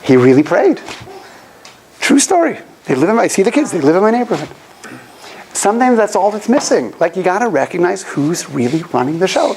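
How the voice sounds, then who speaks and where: Man teaching a class, animated storyteller, faint room hiss. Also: high-pitched, a little fast, poor audio. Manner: animated storyteller, acts out quoted voices. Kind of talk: storytelling lecture. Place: classroom opposite the Western Wall.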